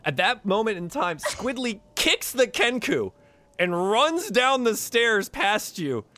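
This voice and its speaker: A man narrating as game master of a tabletop game, telling the scene in a lively storytelling way with fillers and restarts. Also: high voice, slow, no echo.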